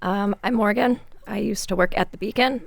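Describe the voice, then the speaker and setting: A woman's voice: medium pitch, normal speed, creaky, dry recording. A woman advocate speaking earnestly, explaining a problem with concrete examples. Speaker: advocate from a homeless justice group. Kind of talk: casual round-table chat.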